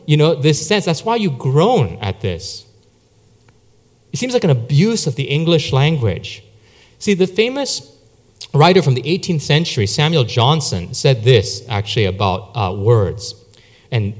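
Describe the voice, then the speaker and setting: A man's voice: on the high side, sing-song, unhurried. A man preaching a sermon, telling stories in a conversational way with many fillers. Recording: long hall reverb.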